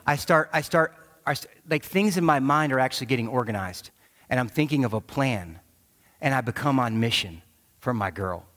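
A man in his thirties preaching a sermon, telling a personal story with animated quoted voices. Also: medium pitch. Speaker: pastor. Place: large church auditorium. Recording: long hall reverb.

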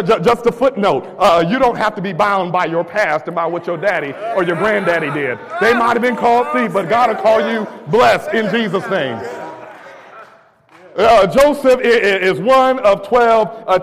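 High-voiced shouting preacher in a hall. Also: male voice. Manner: call-and-response preaching, stammering restarts, rising to shouts. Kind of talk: sermon. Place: church. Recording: long reverb of a church hall.

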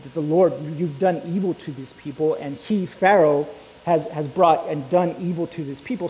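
A man preaching in a relaxed, conversational way, slipping into lively paraphrased dialogue as he retells a scripture story. His voice sits a little high but has a mellow tone. The recording carries long hall reverb under a faint hiss. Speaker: pastor. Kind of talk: sermon.

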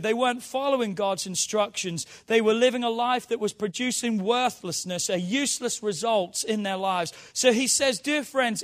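A man's voice: high-pitched, fairly bright tone. A man preaching a sermon as pastor, emphatic, calling the congregation to answer back. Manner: emphatic call-and-response preaching.

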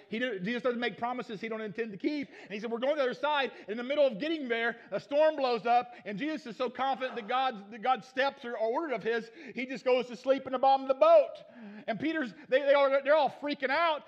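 High-voiced preacher, dull recording. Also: male voice. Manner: storytelling, acts out Bible characters in folksy voices. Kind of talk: sermon.

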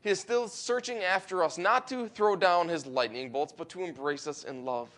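A man with a high, light voice delivers a sermon. He preaches with earnest conviction, building to emphatic high points and slowing down on the words he wants to land. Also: fairly bright tone. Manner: earnest preaching, rising emphatic peaks, slows for weight. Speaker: pastor.

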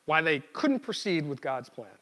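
A man's voice: fairly high pitch, very animated, normal speed, sharp tone, in a large hall. A man preaching a sermon in a conversational way, acting out quotes and stumbling over restarts and fillers.

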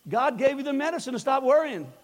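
A man's voice: very high voice, expressive, fast talker. A man preaching a sermon as a pastor, talking conversationally and repeating key phrases for emphasis. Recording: long hall reverb.

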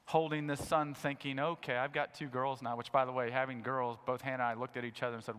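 A middle-aged man preaching a sermon, animated and acting out his own reactions in a raised voice. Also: mid-range voice, moderate pace, clean tone. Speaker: pastor. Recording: long hall reverb.

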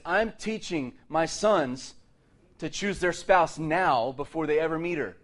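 Joking, lively preacher, a man. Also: fairly high pitch. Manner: lively, joking asides and laughs between points. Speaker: pastor. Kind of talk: sermon.

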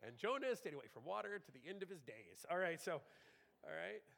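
Higher-voiced man preaching a sermon. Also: fairly quick, gravelly, in a large hall, a little hiss or hum. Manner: animated, conversational, acts out quotes.

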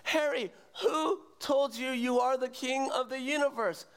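A man's voice: extremely high pitch, a little slow, clear, resonant tone, pitched above the performer's own voice. A man voicing a doctor who firmly coaxes a patient down. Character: patient, firm male doctor.

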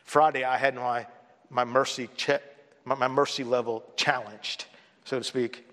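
Male pastor, bright forceful delivery, conversational sermon storyteller, long hall reverb. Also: mid-range voice, flat delivery, measured pace. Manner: conversational storytelling preacher, mimics others with a raised voice.

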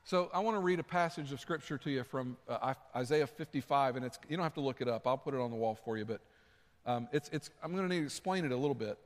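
A man's voice: medium pitch, fast talker. A man preaching a sermon in a conversational way, repeating his key points for emphasis. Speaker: pastor. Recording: long hall reverb.

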